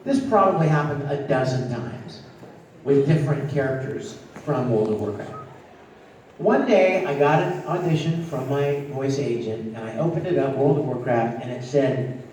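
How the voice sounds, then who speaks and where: A man, a voice actor, telling a lively anecdote on a convention panel and acting out voices. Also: mid-range voice, moderate pace, slight background noise. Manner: animated, acts out voices. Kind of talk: storytelling anecdote to a live audience. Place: large convention hall. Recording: echoey hall, distant mic, faint ambience.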